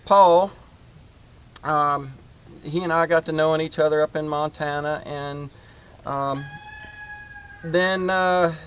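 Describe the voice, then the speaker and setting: A man's voice: a little high, steady tone, a bit bright, clean tone. A man hosting his homestead channel, chatting casually outdoors in his garden and rambling with lots of fillers. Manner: rambling, halting with many fillers.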